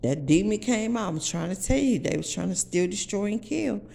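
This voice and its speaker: A woman's voice: mid-range voice, expressive, moderate pace, vocal fry, warm tone. A woman in her forties from the Washington DC area, telling her story to viewers in a blunt, profane, emphatic way. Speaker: vlogger.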